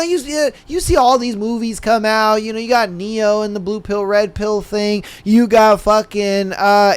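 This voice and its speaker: A man's voice: sits high, clear, resonant tone. A young man hosting a podcast, telling a story in a loose, laid-back way, swearing freely and calling listeners "bro" and "man". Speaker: podcast host. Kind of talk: casual storytelling monologue.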